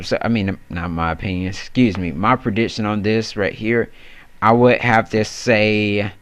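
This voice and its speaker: A man's voice: lowish voice, clear, resonant tone, no echo. A man hosting a casual wrestling predictions chat, rambling loosely and correcting himself as he goes. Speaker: wrestling channel host.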